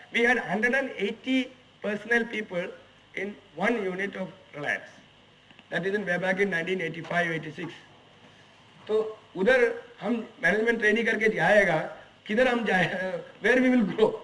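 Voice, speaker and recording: A man's voice: sits high, fairly bright tone, recorded from a distance, rough recording. A man in his forties with an Indian English accent, giving a lecture to management students and asking them emphatic rhetorical questions. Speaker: HR executive giving a guest lecture. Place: lecture hall at a management institute.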